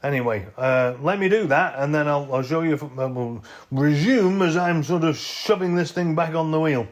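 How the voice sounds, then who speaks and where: A man's voice: a little high, normal speed. A man filming himself beside a jacked-up off-roader, talking through his work in a rambling, self-correcting way on a handheld camera. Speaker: vehicle owner showing his work. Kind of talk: casual hands-on how-to vlog. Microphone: handheld camera he films with himself.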